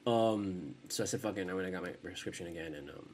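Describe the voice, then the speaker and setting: A man's voice: sits low, fast, darkish tone. Rambling, cursing man talking casually at home. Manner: profane, rambling, frequent restarts. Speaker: podcast host.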